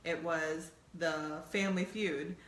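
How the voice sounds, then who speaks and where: A woman's voice: deep voice, steady tone, takes it slowly, echoey room, a little hiss or hum. A middle-aged woman co-hosting a show, chatting casually and teasingly with her husband, laughing often. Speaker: podcast co-host. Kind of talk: casual chat with spouse.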